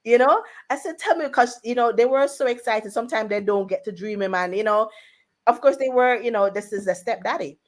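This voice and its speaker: A woman, a radio guest telling a personal story in a lively way and putting on family members' voices in quotes. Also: on the high side, brisk.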